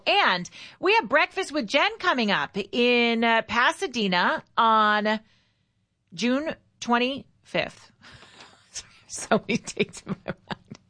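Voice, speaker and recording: A woman's voice: mid-range voice, fairly bright tone. Chatty woman hosting morning radio. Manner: chatty, laughs at herself, bubbly. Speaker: radio talk show host. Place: radio studio.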